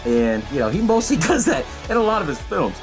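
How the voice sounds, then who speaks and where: A man's voice: high-pitched, big pitch swings, fairly quick, music in the background, poor audio. A man hosting a podcast, recapping a movie in a loose, profane way and laughing often. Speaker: podcast host.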